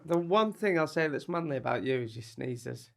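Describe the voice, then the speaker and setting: Gravelly, teasing man. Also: a little high, expressive, moderate pace, a bit bright, a little hiss or hum. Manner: chatty, teasing, jokey. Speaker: podcast co-host. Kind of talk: casual podcast chat. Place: studio.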